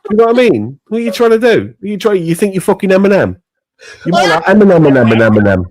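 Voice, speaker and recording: A man's voice: sits high, big pitch swings, racing, darkish tone. A man, a caller trading aggressive, profane insults in a heated online argument. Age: 40s.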